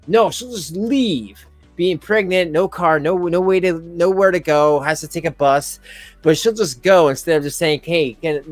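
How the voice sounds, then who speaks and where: A man's voice: a little high, dry recording. A middle-aged man giving blunt, sarcastic, exasperated reaction commentary as a channel host.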